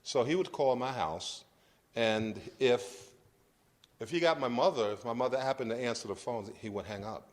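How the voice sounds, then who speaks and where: A middle-aged man from Brooklyn, giving a lecture about his life in a conversational, halting way with frequent restarts. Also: mid-range voice. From Brooklyn, New York. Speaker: guest lecturer. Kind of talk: personal storytelling lecture.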